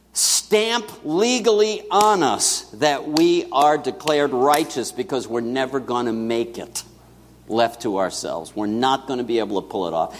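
A man preaching a sermon in a church to his congregation, talking in a lively, conversational way with asides to the listeners. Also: medium pitch, long reverb tail. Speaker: pastor.

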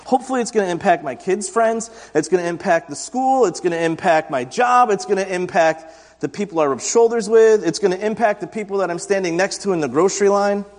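A man's voice: high voice, brisk. A man in his thirties preaching an interactive sermon, asking the congregation questions and telling self-deprecating stories in a conversational way. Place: church sanctuary. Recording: long church reverb.

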